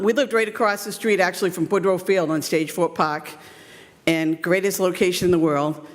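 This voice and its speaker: A woman in her fifties tells baseball stories from a podium, chatty and self-deprecating, with plenty of ums and restarts. Her voice carries a long reverb from a big hall. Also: on the low side. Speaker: youth baseball coach giving a speech. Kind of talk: storytelling speech at an event.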